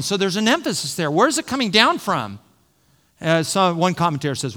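A man's voice: high-pitched, very animated, normal speed, bright, forceful tone, big-room sound. A middle-aged man preaching an expository sermon, teaching and repeating phrases for emphasis. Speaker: pastor.

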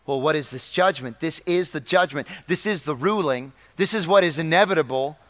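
A man preaching a sermon, swinging from loud urgent pleading to quiet earnest warnings. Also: a little high, a little fast, in a large hall.

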